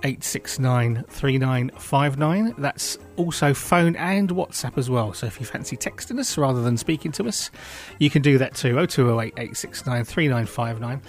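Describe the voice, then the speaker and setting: A man's voice: medium pitch, moderate pace, hardly any pauses, faint music behind. A man hosting a community radio show, chatting in a jovial, friendly way. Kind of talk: casual radio chat. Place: radio studio.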